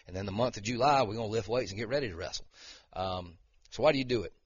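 A man's voice: lowish voice, quick pace, husky, no room sound, lo-fi sound. A middle-aged man, preaching a casual, conversational sermon with frequent "okay?" and "right?" checks to his listeners. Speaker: lay preacher and wrestling coach.

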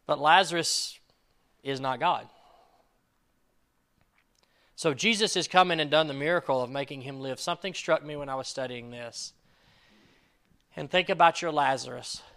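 An earnest male pastor delivers a sermon in a bright, forceful voice. He acts out quoted prayers and lines, swinging from loud emphasis to quiet, intimate asides. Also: fairly high pitch, normal speed, long pauses.

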